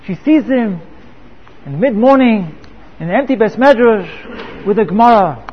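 A man's voice: high voice, animated, unhurried, pauses often, husky. A man giving a Torah lecture, telling a parable and asking rhetorical questions. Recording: echoey hall, dull lo-fi sound.

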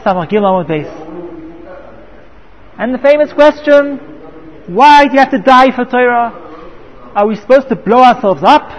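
A man giving a Torah lecture, telling a parable and asking rhetorical questions. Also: extremely high pitch. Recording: echoey hall, dull lo-fi sound.

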